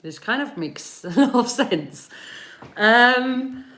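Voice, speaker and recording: A woman giving tarot readings on a live stream, chatting gently with viewers and softly repeating their names as she tunes in. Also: a little high, expressive. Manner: slow, soothing, repeats names while tuning in. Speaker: tarot reader.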